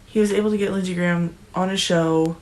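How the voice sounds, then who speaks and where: A woman's voice: lowish voice, steady tone, fairly quick, darkish tone. Young woman vlogger, foul-mouthed and tearful, ranting hard. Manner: profane, emotional, ranting, restarts often. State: near tears. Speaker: political commentary vlogger. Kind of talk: angry political rant vlog.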